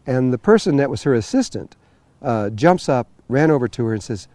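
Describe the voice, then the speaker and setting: A man's voice: mid-range voice, animated, fairly quick, dark tone, no room sound. A man telling a long personal story to an audience, rambling with many fillers and restarts. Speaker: spiritual teacher telling a story. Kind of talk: storytelling talk.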